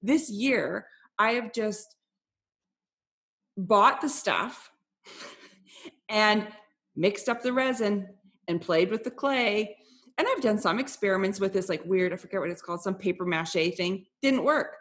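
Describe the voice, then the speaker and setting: A woman's voice: mid-range voice, animated, a bit bright. A woman hosting a podcast, chatting in an upbeat, talkative way. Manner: upbeat, chatty, quick to laugh. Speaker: podcast host. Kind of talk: casual podcast chat.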